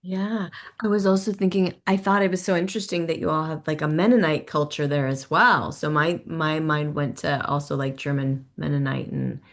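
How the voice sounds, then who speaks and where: A woman hosts a video call in a low, gravelly voice. She moderates politely and briskly. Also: steady tone. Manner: friendly, quick, polite moderator. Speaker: host. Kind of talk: casual video call chat.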